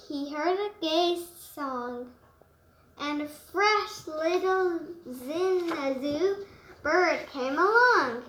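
A woman reading a rhyming picture book aloud, slowly and carefully, with small stumbles. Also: extremely high pitch, expressive, fairly bright tone. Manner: slow, careful read-aloud pace with occasional stumbles. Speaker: storyteller. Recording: echoey room.

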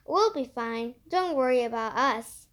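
A bossy know-it-all girl camper, as a storybook reader puts her on, her voice pitched high and pushed loud. She lectures in a slow, preachy way, sure she knows best. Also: a little hiss or hum. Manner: preachy, lively.

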